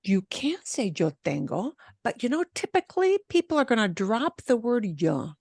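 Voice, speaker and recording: Animated woman teaching Spanish. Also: on the high side, moderate pace, vocal fry, no echo, studio quality. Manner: animated, emphatic, switches between English and Spanish examples. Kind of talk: online class instruction.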